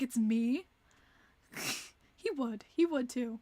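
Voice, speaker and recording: High-voiced chatty woman streamer. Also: a little mellow. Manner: chatty, reacts to viewer chat with quick exclamations. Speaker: livestream host. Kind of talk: casual livestream chat.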